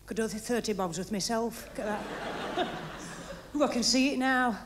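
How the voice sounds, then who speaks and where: A woman doing a stand-up routine, gossiping in a chatty way and firing off deadpan one-liners while laughing at her own jokes. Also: fairly high pitch, moderate pace, background noise. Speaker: stand-up comedian. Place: TV studio stage before live audience. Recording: archive TV recording with audience laughter.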